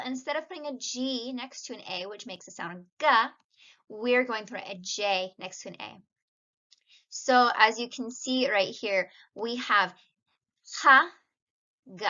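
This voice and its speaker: A woman's voice: on the high side, unhurried, bright, forceful tone, highs cut off. A woman teaching a casual video lesson, patiently explaining and mixing Spanish words into her English.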